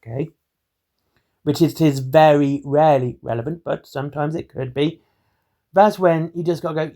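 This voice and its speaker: A man, hosting his own hobby channel in a monotone, rambling way of talking. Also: on the high side, normal speed, long pauses. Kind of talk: rambling solo commentary.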